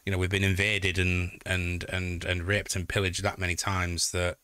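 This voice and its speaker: A jokey, foul-mouthed Yorkshire man chats on a live stream and reads out messages from his viewers. His voice sits fairly low, with a bright, forceful edge. The sound is close and dry. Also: completely flat delivery, normal speed, smooth, no echo. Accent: Yorkshire (Hull). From Yorkshire, England. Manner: joking, sweary, chatty. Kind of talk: casual live-stream chat, reading chat aloud.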